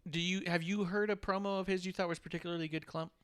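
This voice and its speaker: A man's voice: high-pitched, fairly even intonation, fast, background noise. A man co-hosting a casual podcast, talkative and opinionated, putting questions to his co-hosts. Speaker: podcast co-host. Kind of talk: casual chat.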